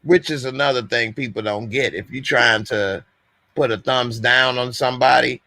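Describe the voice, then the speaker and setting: A man's voice: medium pitch, steady tone, normal speed, pushed and bright, dry recording. A man hosting a live call-in stream, talking in a loose, conversational way and going on at length. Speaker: host. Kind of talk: casual call-in chat.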